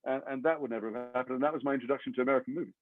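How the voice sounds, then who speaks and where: An English actor being interviewed, telling long rambling anecdotes with self-deprecating humor. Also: male voice, mid-range voice, steady tone, rapid-fire, no room sound. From England. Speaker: actor guest. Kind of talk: interview storytelling. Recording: tinny phone-like line, dry.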